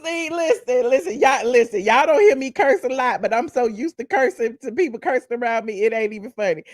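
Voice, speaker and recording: Excitable Atlanta woman hosting gossip. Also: a little high, brisk, few pauses, no echo, studio quality. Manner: excitable, laughs and exclaims. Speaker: gossip show host. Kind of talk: casual commentary reacting to clips.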